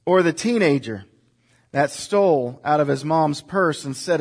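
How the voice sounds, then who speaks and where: A man's voice: on the high side, animated, a little slow, slightly rough. A man preaching a sermon, asking rhetorical questions and leading the congregation to repeat lines together. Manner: rhetorical questions, shifting from soft to emphatic. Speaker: pastor.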